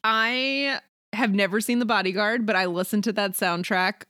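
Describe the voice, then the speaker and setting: A woman's voice: medium pitch, moderate pace, no room sound. Woman, podcast co-host, casual chat, filler-heavy, dry close sound. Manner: chatty, many likes and fillers, steady listener.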